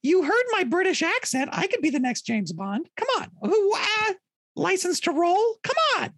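Squeaky puppet toilet roll, jokey and chatty, bounces all over the place. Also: male voice, very animated, normal speed, fairly bright tone, no room sound, studio quality, full character voice. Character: chatty talking toilet paper roll puppet, eager showbiz ham. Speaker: puppet guest. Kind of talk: comic puppet interview.

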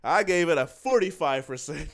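A man's voice: on the high side, expressive, normal speed, a bit bright. A man co-hosting a casual chat about movie ratings, laid-back and slangy, laughing often. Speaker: podcast co-host.

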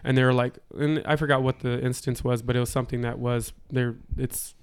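A man's voice: mid-range voice, little pitch movement, a little fast, smooth. A man co-hosting a casual podcast chat, talking emphatically and checking in with "right?" as he explains his point. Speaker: podcast co-host.

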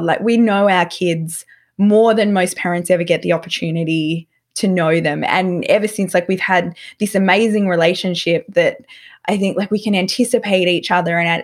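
A woman's voice: lowish voice, moderate pace. A woman guest on a podcast, telling a story casually and animatedly, filling her speech with "like". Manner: animated, filler-heavy with frequent "like".

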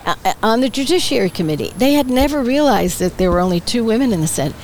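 An older woman, a retired politician, chatting as a guest in an interview on an outdoor patio, telling stories with animated quoted voices and frequent laughs. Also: on the high side, fast talker, slight background noise, poor audio. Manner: lively storyteller, acts out quoted voices, laughs often. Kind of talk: casual interview chat.

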